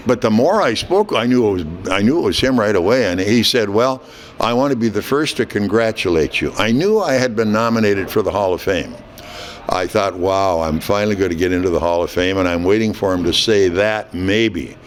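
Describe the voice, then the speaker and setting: An elderly broadcaster in his eighties recounts a story in an interview, slipping into the voices of the people he quotes. His voice sits on the low side. A faint hiss runs under the recording. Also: normal speed. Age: 80s. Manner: animated anecdote teller, quoting others.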